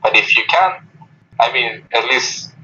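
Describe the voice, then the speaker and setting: A man's voice: mid-range voice, expressive, measured pace, bright, forceful tone, slight background noise. A young man talking as a guest in a casual interview, hesitant, with many fillers and restarts. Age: young adult. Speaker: guest, former student council member. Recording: dull lo-fi recording.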